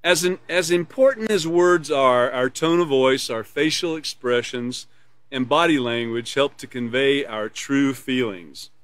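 A man's voice: medium pitch, unhurried, no echo. Guy teaching a character ed class online, earnest, explains stuff from the manual, dry sound. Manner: earnest, explanatory, laughs and smiles while teaching. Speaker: character education instructor.

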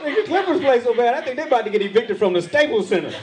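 Very high-pitched and very fast, this man does stand-up on a club stage, animatedly acting out voices he quotes. The recording is very noisy, with the crowd laughing loudly.

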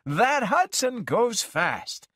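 Guy doing a hyped up young drifter, way high pitched, loud excited bursts. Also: drawn-out words, no room sound, clean studio sound, full character voice. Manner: excited, exclamatory. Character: wild excited young man, restless drifter.

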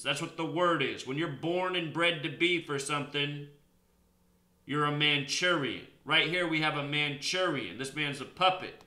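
A man hosts a solo commentary video, pressing each point in an emphatic, lecturing way. His voice is very bright and forceful and sits a little high. The room around him rings with echo. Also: moderate pace. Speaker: host.

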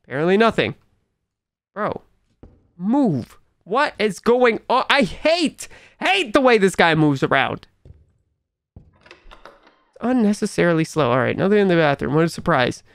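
Jumpy young gamer reacting to horror. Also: male voice, sits high, big pitch swings, measured pace, vocal fry, pauses often, a bit bright, clear, resonant tone, no echo. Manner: jumpy and incredulous, talks back to the game. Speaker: gaming YouTuber. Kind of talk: horror game let's play commentary.

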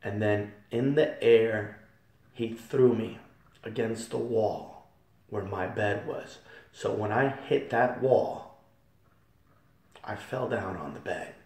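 Gravelly man giving a church testimony. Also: fairly low pitch, slow pace, pauses often. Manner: fervent, repetitive, swells loud on key phrases. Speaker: testimony speaker. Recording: echoey hall from far off.

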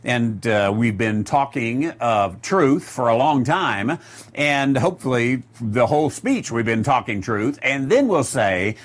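A man teaching the Bible verse by verse, reading scripture aloud and explaining it, with many filler pauses. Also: medium pitch, animated.

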